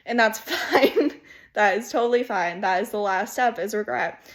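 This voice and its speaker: A woman's voice: mid-range voice, moderate pace. Giggly young woman rambling through a comic speech. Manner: rambling and self-mocking, laughing through her words. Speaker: student giving a class video speech. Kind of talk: comedic how-to speech.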